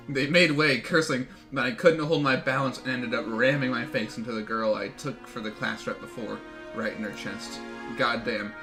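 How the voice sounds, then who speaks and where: A male streamer with a bright, forceful voice reads a visual novel aloud. He talks in an excitable way, swearing and breaking into laughter. Faint game music plays behind him. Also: mid-range voice, moderate pace, few pauses. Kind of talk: let's-play stream, reading game text aloud.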